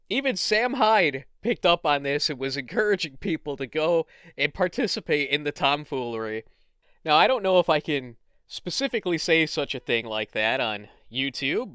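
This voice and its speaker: A man's voice: on the high side, fairly bright tone, clear, resonant tone, dry recording, studio quality. A man giving casual, sarcastic commentary, swearing and laughing as he goes. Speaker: internet commentator.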